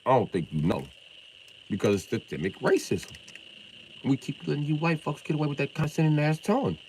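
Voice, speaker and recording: A middle-aged man from Illinois ranting on a live stream, confrontational and profane, swinging from loud outbursts to mock calm. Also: a little high, fairly quick, a little hiss or hum, low-quality recording. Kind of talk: heated live-stream rant.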